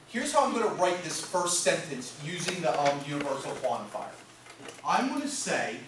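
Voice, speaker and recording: A man's voice: a little high, big pitch swings, normal speed, distant mic, background noise. Joking male math lecturer, echoey classroom. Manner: jokey, tags nearly every phrase with "okay?".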